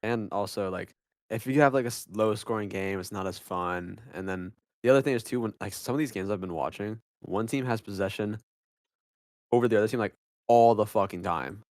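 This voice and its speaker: Young male co-host, low-ish voice, blunt casual banter, swears easily, dry close sound. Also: a little fast, darkish tone, no room sound. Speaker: podcast co-host.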